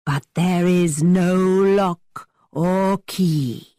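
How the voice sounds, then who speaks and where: A woman voicing a teasing young man who tells spooky tales in a dramatically low voice. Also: steady tone, drawn-out words, no room sound, studio quality. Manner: dramatically low, hushed storytelling.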